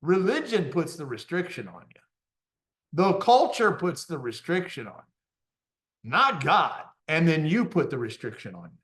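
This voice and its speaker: A man's voice: a little high, moderate pace. Upbeat man giving a motivational talk. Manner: animated, self-deprecating storytelling with laughs. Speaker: confidence coach.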